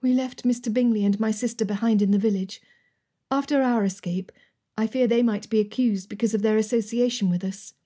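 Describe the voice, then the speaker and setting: A woman's voice: medium pitch, a little fast, warm tone, lightly acted. A woman voicing an anxious but brave young Regency heroine in an audiobook, earnest and worried. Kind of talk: audiobook character reading.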